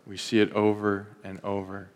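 A man pastor giving a sermon in a church sanctuary, telling the story in a lively way with pop-culture asides. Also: fairly low pitch, moderate pace. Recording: long reverb of a large hall.

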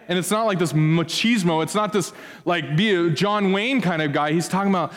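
A man preaching a sermon, climbing high on his questions and dropping soft on his key points. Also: normal speed, big-room sound. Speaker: pastor.

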